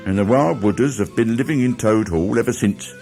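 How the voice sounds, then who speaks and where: A man's voice: medium pitch, brisk, darkish tone, faint music behind, natural voice. A man doing a fretful, scolding Water Rat. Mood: indignant gossip. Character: fussy, anxious male water rat. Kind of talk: audiobook character reading.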